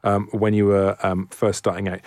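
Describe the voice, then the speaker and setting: A man's voice: lowish voice, dry recording, clean studio sound. A man hosting an interview podcast, asking questions in a jokey, playful way. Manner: jokey, quick, lively questions. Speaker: podcast host. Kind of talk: casual interview chat.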